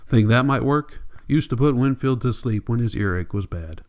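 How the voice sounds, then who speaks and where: A man's voice: mid-range voice, animated, moderate pace, darkish tone, close to an everyday voice. A man reading the part of a practical middle-aged farm mother in a plain, homely rural drawl.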